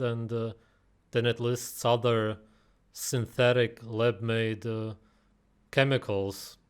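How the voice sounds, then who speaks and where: A man giving mocking, sarcastic reaction commentary on a video. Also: mid-range voice. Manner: scornful, sarcastic.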